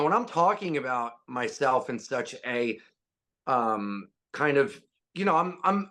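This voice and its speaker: Interviewed as a stand-up comedian, a man with a slightly bright voice casually shares stories and jokes, leaping into high voices whenever he quotes people.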